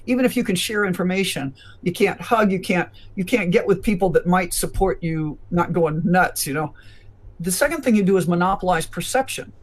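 A man's voice: high voice, brisk. A man who is a physician, speaking as a guest in a conversational interview in an emphatic, lecturing manner.

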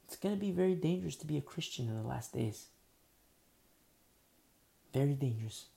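Gravelly-voiced preacher man. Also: fairly high pitch, lively intonation, a little fast. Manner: emphatic and repetitive, dropping to near-whispers then rising loud. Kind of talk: sermon.

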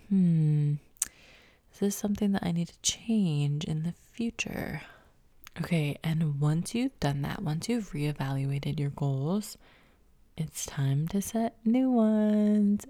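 A woman with a low, warm, gravelly voice hosts a solo motivational podcast, often dropping into a breathy half-whisper. She sounds a little stuffy from a cold and stays upbeat and encouraging. The recording is close and dry. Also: no echo. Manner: upbeat, encouraging, laughs at herself. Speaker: podcast host.

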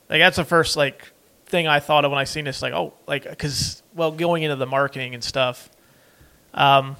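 A man's voice: fairly high pitch, pushed and bright, smooth. A man co-hosting a casual movie watch-along podcast, loose and rambling, with plenty of fillers. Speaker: podcast co-host.

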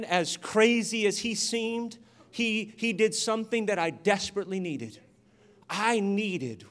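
A man preaching a sermon, telling a personal story with animated delivery and acted-out voices. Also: sits high. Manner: animated, acts out voices in his stories. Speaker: pastor.

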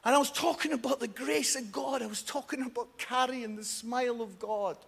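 Guy preaching in a big echoey church hall, high bright voice, loud and animated, bits of gravel in it. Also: moderate pace. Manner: animated, loud, often laughing and shouting. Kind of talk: lively sermon with comic stories. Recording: long hall reverb.

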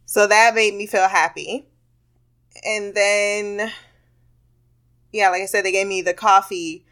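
A woman's voice: medium pitch, fairly even intonation, slow, a bit bright. A woman hosting a podcast, telling a rambling, candid story in a casual monologue with frequent laughter and swearing. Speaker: podcast host.

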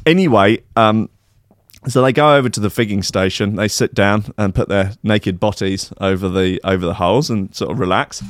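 A man's voice: fairly low pitch, moderate pace, dry recording, clean studio sound. A man hosting a comedy show, rambling through a silly story with lots of fillers. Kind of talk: comic storytelling.

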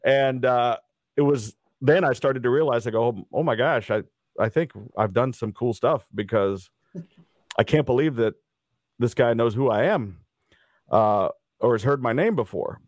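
A middle-aged man from Dallas telling stories in a casual interview, lively and acting out the people he quotes. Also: mid-range voice, moderate pace, no room sound, studio quality. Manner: animated anecdote teller, acts out quoted people. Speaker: interview guest.

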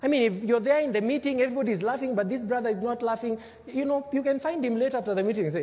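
High-voiced man preaching in a reverberant hall. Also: racing, hardly any pauses, husky. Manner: preaching with acted-out quotes and sudden swings from loud to hushed. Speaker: pastor. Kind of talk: sermon. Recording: dull lo-fi sound with long hall reverb.

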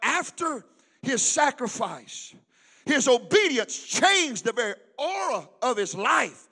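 A middle-aged pastor, preaching a sermon and swinging from loud shouts to hushed storytelling. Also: male voice, very high-pitched, big pitch swings, takes it slowly, long reverb tail.

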